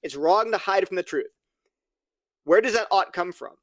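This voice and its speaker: Speaking at normal speed in a high-sitting voice, a man appears as a podcast guest and earnestly lays out his view. He is argumentative, voicing both parties in quoted exchanges he imagines during the casual conversation. The recording is dry.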